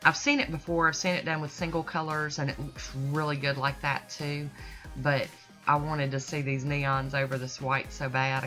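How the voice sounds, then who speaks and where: Chatty low-voiced woman. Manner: chatty, folksy and enthusiastic. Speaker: nail art channel host. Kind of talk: casual tutorial voice-over. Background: soft background music.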